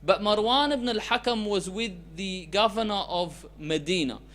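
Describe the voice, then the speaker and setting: A man preaching a sermon as a story, with loudness that swings between emphatic lines and soft, hushed ones. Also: sits high, normal speed.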